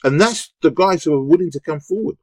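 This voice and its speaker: A man telling a story in a casual, rambling monologue, animated and full of restarts. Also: fairly high pitch, fairly quick, no echo.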